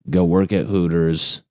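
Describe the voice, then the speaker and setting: Deep-voiced young man ranting crudely. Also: dry recording, clean studio sound. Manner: crude, rambling, laughs at his own jokes. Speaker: podcast host. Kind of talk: solo comedic rant.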